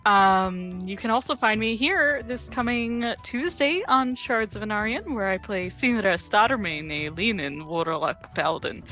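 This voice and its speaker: A woman's voice: medium pitch, pushed and bright. A woman player chatting on a live stream, giggly and self-deprecating. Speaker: tabletop game player. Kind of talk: casual chat on a live stream.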